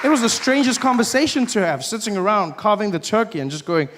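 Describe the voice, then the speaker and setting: A man with a South African accent performing stand-up comedy before a live audience, animated and acting out characters. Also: high-pitched, fast, a crowd in the background. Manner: animated, acts out characters with shouting voices. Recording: stage mic with audience noise.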